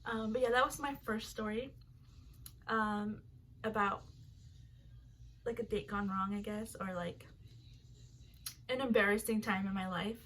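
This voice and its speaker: A woman's voice: mid-range voice, steady tone, measured pace, pauses often, fairly bright tone, a little hiss or hum. A young woman telling a rambling, embarrassing story to her viewers, full of filler words and swearing. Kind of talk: casual storytime monologue.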